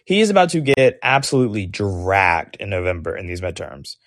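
A man's voice: low-pitched, brisk, no room sound, clean studio sound. Sarcastic young man ranting on a podcast. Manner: animated, sarcastic, heavy use of "like" and "um". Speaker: podcast host. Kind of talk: political opinion commentary.

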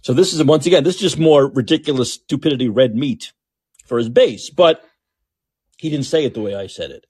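A man's voice: medium pitch, brisk, a little mellow, slightly rough, no room sound. A man hosting a podcast with opinionated political commentary, talking in a sarcastic, mocking, repetitive way. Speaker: podcast host.

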